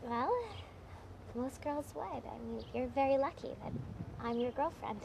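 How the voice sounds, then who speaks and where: A young woman chatters earnestly in a bright, very high voice, cheerfully missing the point in a mockumentary. Steady background noise is clearly audible behind her on the camera audio. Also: a little slow. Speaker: girlfriend. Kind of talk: improvised mockumentary dialogue.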